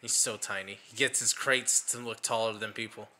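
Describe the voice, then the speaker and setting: A man's voice: on the low side, fairly even intonation, brisk, sharp tone. A man co-hosting a podcast, chatting casually about movie trailers and laughing often. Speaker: podcast co-host.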